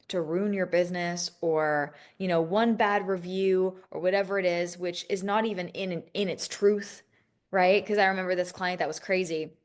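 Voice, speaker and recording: A woman hosting a solo coaching podcast, talking candidly and emotionally, swearing freely and restarting her sentences. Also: on the low side. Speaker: business coach and podcast host.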